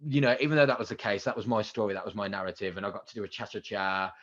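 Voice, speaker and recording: A man in his thirties tells his stories at a quick clip in a slightly low voice. He plays out the quotes with bursts of excitement. The recording is dull and lo-fi. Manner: animated anecdotes with acted-out quotes and excited outbursts. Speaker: guest, radio presenter. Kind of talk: casual interview storytelling.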